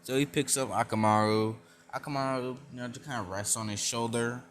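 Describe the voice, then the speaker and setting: A man's voice: mid-range voice, fairly even intonation, fairly quick, slight background noise. A young man casually narrating a fan-made story, rambling with many fillers and self-corrections.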